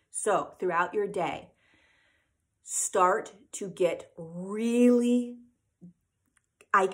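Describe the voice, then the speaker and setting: Earnest woman teaching, "right?" after points. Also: on the low side. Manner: earnest and emphatic, often checking in with "right?". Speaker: spiritual teacher. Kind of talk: informal spiritual teaching talk. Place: live event replay.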